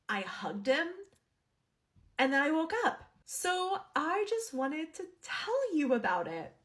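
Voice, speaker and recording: A woman's voice: high voice, very animated, measured pace. A chatty woman tells a dream storytime to her phone camera. She is candid and casual, drops the odd swear word, and slips into the voices of the people she quotes. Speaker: TikTok storyteller.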